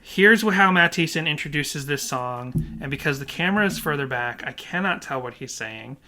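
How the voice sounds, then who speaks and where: A man co-hosting a casual podcast, animated and puzzled, often laughing as he talks. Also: fairly high pitch, normal speed. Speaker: podcast co-host.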